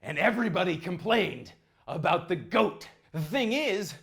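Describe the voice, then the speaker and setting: A man narrating a video essay in an energetic, emphatic way with quick asides. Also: sits high, vocal fry. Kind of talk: scripted narration.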